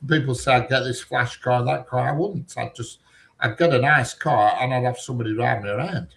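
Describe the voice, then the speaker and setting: A man's voice: medium pitch, a little fast, gravelly, a bit bright, slight background noise. A man telling stories in a casual, blunt chat, swearing and laughing at his own tales. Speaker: storyteller in a group chat.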